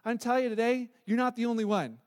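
A man in his thirties preaching a sermon, telling a scripture story with animated delivery and acted-out quotes. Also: extremely high pitch, fast talker. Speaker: pastor.

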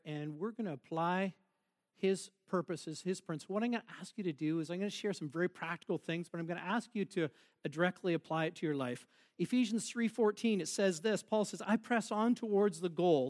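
A man preaching a sermon as pastor in a church, joking and laughing with the congregation. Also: high voice. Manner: jokey, playful, laughs with the congregation.

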